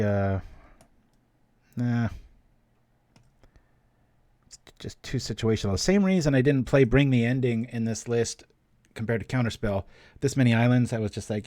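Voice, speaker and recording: A man's voice: fairly low pitch, a little mellow, no echo. A man hosting a card game show, chatting casually as he plays and talks himself through each move. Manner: chatty, self-talking, cracks small jokes. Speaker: gaming channel host. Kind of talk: casual gameplay commentary.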